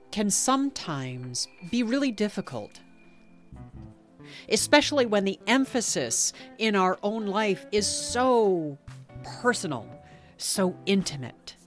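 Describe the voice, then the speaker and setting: A woman podcast host in gentle, contemplative narration and reflective conversation. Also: mid-range voice.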